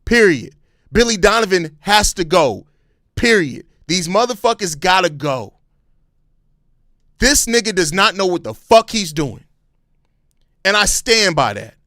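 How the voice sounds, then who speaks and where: Fired-up, high-voiced sports podcast man. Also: unhurried, long pauses, no room sound, studio quality. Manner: impassioned, heavily profane ranting; calmer, apologetic stretches between outbursts. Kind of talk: live-stream sports fan commentary.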